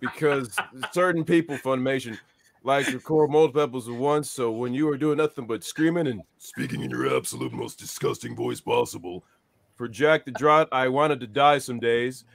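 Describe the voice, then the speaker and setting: A man, a voice actor guest, telling a joking, animated anecdote on a panel. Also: medium pitch, normal speed, vocal fry, a little hiss or hum. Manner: animated, joking storyteller, laughing.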